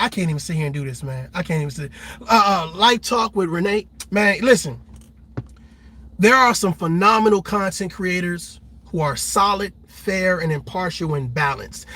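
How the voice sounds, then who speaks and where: A man delivers fired-up reaction commentary straight to his viewers, preaching and acting out the people he quotes. His voice sits high and bright, with a husky, breathy edge. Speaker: commentary host.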